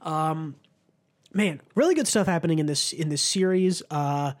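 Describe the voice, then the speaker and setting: A man's voice: a little high, normal speed. A man hosting a casual manga podcast, chatty, with many ums and restarts.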